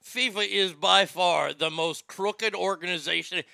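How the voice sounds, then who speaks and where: A man's voice: high-pitched, a little slow, creaky, bright, forceful tone, dry recording, studio quality. A man hosting a comedic talk show, laughing often and stammering as he jokes crudely. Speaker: radio show host.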